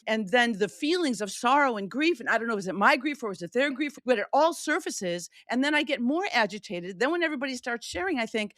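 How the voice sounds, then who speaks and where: A woman hosting a podcast, telling a personal story in an animated way and acting out quoted voices. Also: a little fast, few pauses, dry recording, studio quality. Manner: animated, shifting pitch widely for quoted voices. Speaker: podcast host.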